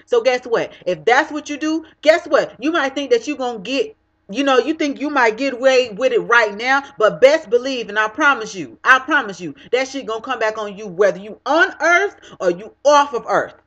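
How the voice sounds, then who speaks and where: A woman's voice: fairly high pitch, animated, normal speed, fairly bright tone. A young woman delivering a heated, profane vlog rant straight to the camera, blunt and cutting. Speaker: vlogger. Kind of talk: ranting vlog monologue. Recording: dull lo-fi webcam audio.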